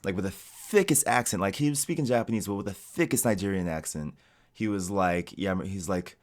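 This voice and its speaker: An American man in a casual interview, talking in a relaxed, rambling way with lots of "like". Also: on the low side, moderate pace. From United States. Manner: relaxed, rambling, heavy use of "like". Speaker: interviewee, game designer in Japan. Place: home streaming setup.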